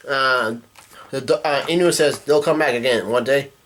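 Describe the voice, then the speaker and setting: A manga reaction YouTuber casually reads comic dialogue aloud, cutting in with profane asides. His medium-pitched, fairly bright voice stays unhurried.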